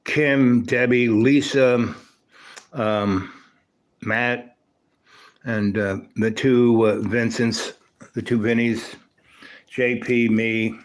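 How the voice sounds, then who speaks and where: A man's voice: medium pitch, steady tone, drawn-out words, pauses often. A man hosting a livestream, telling a long rambling story from his school days, peppered with "you know" and "right?". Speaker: livestream host.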